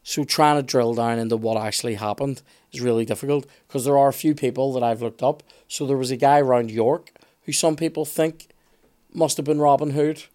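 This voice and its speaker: A man chatting casually on a podcast, opinionated and animated, with some swearing. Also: medium pitch, fairly quick. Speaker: podcast guest expert.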